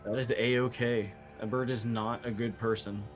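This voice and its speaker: A man's voice: medium pitch, level tone, normal speed, over music. A man running a tabletop game, chatting easily and checking in with his players. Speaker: game master. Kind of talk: casual chat.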